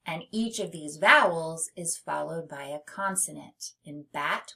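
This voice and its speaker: Woman, phonics teacher, slow and deliberate, lowish voice, draws out each syllable. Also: lively intonation, pushed and bright. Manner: stretches words out syllable by syllable. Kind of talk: slow, clear classroom instruction.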